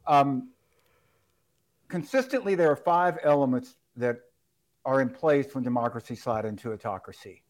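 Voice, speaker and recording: A laid-back man interviewed as a guest author on talk radio. He rambles casually and fills his pauses freely. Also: mid-range voice, animated.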